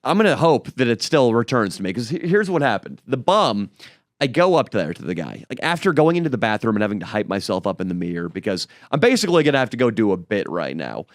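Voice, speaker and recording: A man's voice: fairly low pitch, fast talker, no echo. A man co-hosting a podcast, telling a comic story and acting out the people in it with raised voices, in a studio on a studio mic. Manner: animated, acts out characters in raised voices. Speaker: podcast co-host. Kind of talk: comedic storytelling. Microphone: studio microphone.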